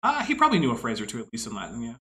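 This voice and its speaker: A man's voice: medium pitch, huge pitch swings, very fast, sharp tone, slight background noise, poor audio. A man commenting casually on clips, explaining things at length in an analytical way with frequent asides. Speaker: podcast co-host.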